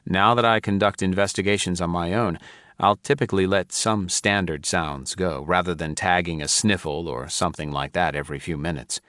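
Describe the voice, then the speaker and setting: Deep-voiced male audiobook narrator. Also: steady tone, normal speed, a bit bright, no room sound, studio quality. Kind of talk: first-person audiobook narration.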